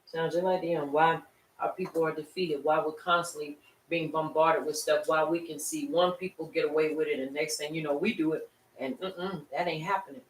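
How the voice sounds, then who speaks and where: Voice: mid-range voice, fairly even intonation, brisk, a little hiss or hum. A Shabbat class teacher preaches to a small congregation, drawing answers from the room with rhetorical questions. The voice sits well back from the microphone in a roomy space. A faint ambience hums underneath. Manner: conversational preaching with rhetorical questions and call-and-response. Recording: echoey room, distant mic, faint ambience.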